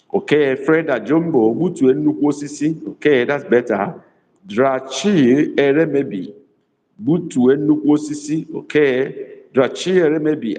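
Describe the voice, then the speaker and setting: Male language tutor, mid-pitched, patient and repetitive, reverberant room. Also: darkish tone. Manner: slow, deliberate repetition of sentences; reads out viewers' comments. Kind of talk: live online lesson.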